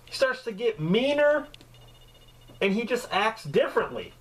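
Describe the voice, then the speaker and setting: A man giving a casual, joking movie review, with swearing and lively storytelling. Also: high voice, unhurried, rough recording. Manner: profane, joking, animated storytelling.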